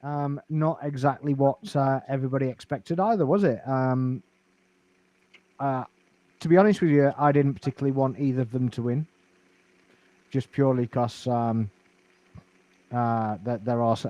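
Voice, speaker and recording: A man co-hosting a casual football chat, measured and hesitant, with many fillers. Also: mid-range voice, a little mellow, dry recording, rough recording.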